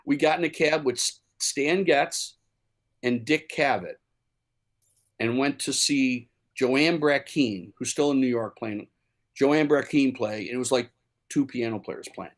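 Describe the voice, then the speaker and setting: A man's voice: medium pitch, measured pace. A man from Chicago, a musician guest, telling stories in a casual interview with many fillers and restarts.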